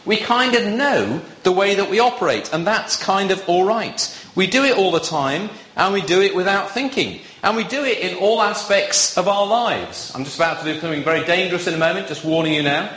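Brisk and barely pausing, the man's high voice has lively intonation and a fairly bright tone. As a visiting preacher, he delivers a sermon full of playful banter with the congregation in an echoey church with box pews.

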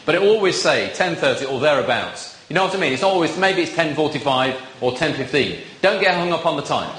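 A man's voice: fairly high pitch, fairly bright tone, slight background noise. A man preaching a sermon in a church, chatty and playfully teasing his congregation. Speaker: visiting preacher. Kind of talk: sermon with audience banter. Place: church with box pews. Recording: echoey church room.

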